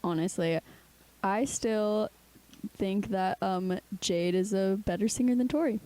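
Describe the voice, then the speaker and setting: Young woman, mellow chatty podcast co-host. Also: medium pitch, a little slow. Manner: chatty, says "like" often, tired. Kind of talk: casual chat.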